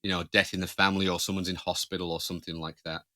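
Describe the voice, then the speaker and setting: A man's voice: low voice, flat delivery, racing, pushed and bright. A man co-hosting a podcast, telling family stories in casual chat, laughing often and acting out voices. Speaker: podcast co-host.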